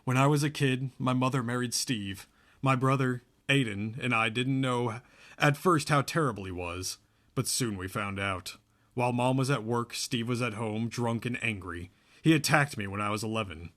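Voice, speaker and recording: A man's voice: medium pitch, normal speed, fairly bright tone, close to an everyday voice. A man reading the part of a young woman who is guarded and wounded, his voice lifted slightly. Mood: reluctant.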